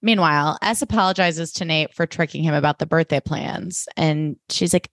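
A young woman co-hosts a casual recap podcast, her voice sitting a bit low for a woman. She retells scenes with lots of "like" and the odd swear word. The sound is dry and close. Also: fairly quick, hardly any pauses, dry recording. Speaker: podcast co-host.

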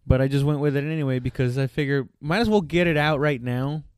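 A man's voice: medium pitch, fast talker, darkish tone, smooth, no room sound. A man co-hosting a casual podcast from a bedroom, joking, swearing and laughing often. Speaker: podcast co-host. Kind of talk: casual chat.

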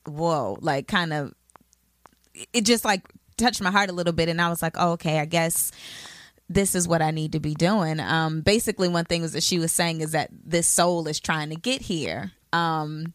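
Woman podcast host, lowish voice, chatty and loose with fillers, dry close mic. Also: moderate pace, no echo. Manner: loose and candid, swears, many fillers. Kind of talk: casual chat.

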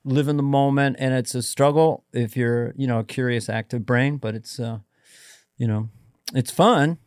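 Reflective middle-aged comedian. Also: male voice, mid-range voice, normal speed, a little mellow, clear, resonant tone, no room sound, clean studio sound. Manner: reflective, advice-giving, wandering. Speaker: comedian guest. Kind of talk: casual podcast chat.

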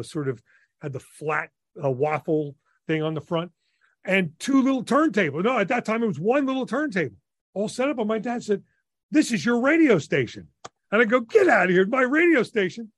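A man in his sixties from New Jersey, a radio DJ telling stories in an enthusiastic, animated way as a podcast guest. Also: high-pitched, no room sound, studio quality. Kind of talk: casual interview storytelling.

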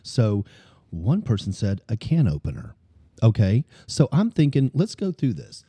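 An animated Cajun man with a Louisiana accent chats as a podcast host. His voice is low and very dark, and his pitch swings widely. The recording is dry and close. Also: measured pace, breathy edge, no echo. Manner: animated, chatty, talks with his hands. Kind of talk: casual chat.

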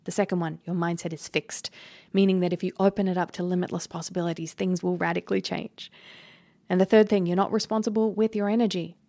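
An Australian woman talks through a motivational self-help podcast in an earnest, encouraging way, often breaking into a laugh. Her voice sits on the lower side with a mellow, unforced tone, and it turns gravelly and fried at the bottom of her phrases. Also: fairly even intonation, quick pace. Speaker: podcast host. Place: rented holiday flat.

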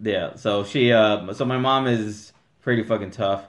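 A man's voice: on the low side, unhurried. A young man from the Los Angeles area hosting a casual podcast, laid-back, rambling as he explains and swearing freely. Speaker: podcast host.

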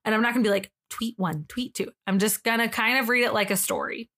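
A woman's voice: fairly high pitch, fairly even intonation, rapid-fire, a bit bright. A woman co-hosting a podcast, telling a story in casual chat with frequent fillers and giggles. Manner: chatty and giggly, with many "like" fillers. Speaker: podcast co-host.

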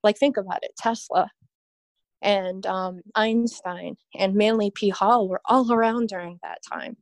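A woman's voice: medium pitch, steady tone, a little slow, no room sound. A woman guest on a podcast, talking in a rambling, earnest way and laughing often. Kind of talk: casual podcast chat.

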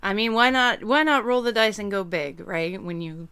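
A woman in a casual podcast chat about baseball draft picks, chatty and quick to laugh. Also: medium pitch, bright, forceful tone, smooth.

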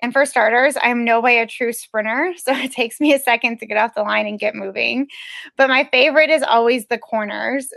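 A woman's voice: fairly high pitch, vocal fry, a bit bright, no echo. A woman who is an Olympic speed skater, telling her story as a podcast guest in an earnest, emphatic, determined way. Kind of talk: personal storytelling in a podcast interview.

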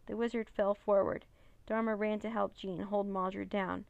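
A woman narrating a children's chapter book in a steady, plain reading voice on a close mic. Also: medium pitch, moderate pace, gravelly, no echo, muffled recording. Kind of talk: storybook read-aloud.

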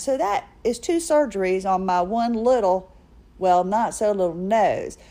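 Speaking at a medium pitch with a warm tone, a middle-aged woman on her podcast shares a personal anecdote in a chatty, self-deprecating monologue.

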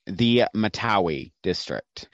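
A man narrating as game master for a tabletop game, measured and descriptive with occasional fillers. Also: low-pitched, very animated, fairly bright tone, no room sound. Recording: dull dry lo-fi sound.

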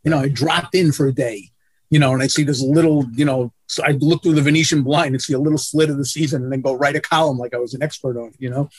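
A man's voice: medium pitch, steady tone, fast, darkish tone, slightly rough, no echo. A man telling blunt, profane stories as a guest in an interview over a video call. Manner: blunt, profane, self-deprecating. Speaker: guest, sportswriter. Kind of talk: casual interview storytelling.

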